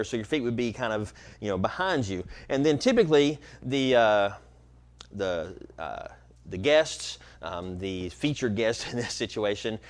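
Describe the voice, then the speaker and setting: Middle-aged male pastor, relaxed explanatory sermon delivery, loose and chatty with frequent ums and restarts, mid-pitched voice. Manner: casual, explanatory, many fillers and restarts. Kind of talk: conversational sermon.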